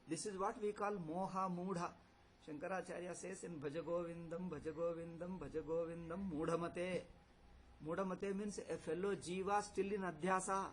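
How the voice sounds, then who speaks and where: High-voiced man lecturing. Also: slight background noise, rough recording. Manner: rhetorical questions, repetition, chuckles. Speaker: swami teaching a scripture class. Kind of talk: philosophy lecture.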